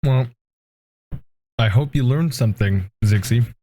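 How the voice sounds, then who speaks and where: A man's voice: mid-range voice, a little slow, warm tone, a little hiss or hum. A man narrating a tabletop role-playing game as game master, in a casual, profane way.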